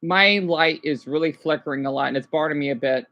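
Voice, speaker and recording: A tired woman from the United States, casually chatting with her viewers and explaining things slowly as she watches a video with them. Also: low-pitched, fairly bright tone, highs cut off. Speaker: livestream host.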